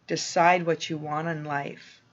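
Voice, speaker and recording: A woman gives a spiritual talk at a very slow, unhurried pace, her voice sitting a little low. She sounds soothing and affirming throughout. The recording is dull and slightly lo-fi. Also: level tone. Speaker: spiritual teacher.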